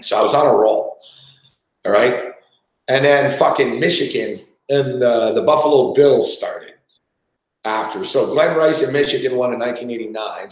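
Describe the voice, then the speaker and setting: A man's voice: medium pitch, roomy sound, poor audio. A man hosting a sports betting show, ranting with constant swearing and frustration while he follows a live game. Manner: swears constantly, frustrated and exasperated, shouting at players. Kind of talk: profane live sports rant.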